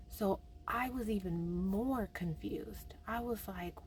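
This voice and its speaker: A young woman telling a personal faith story in a chatty, animated way, with many fillers. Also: medium pitch, unhurried, hardly any pauses, a little hiss or hum. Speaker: vlogger.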